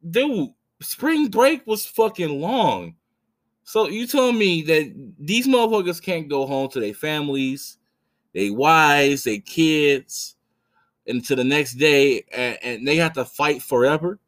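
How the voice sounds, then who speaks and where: A man's voice: fairly high pitch, animated, unhurried, fairly bright tone. A man in his thirties hosting a podcast, telling a story casually with blunt, profane, rambling talk full of restarts. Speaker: podcast host.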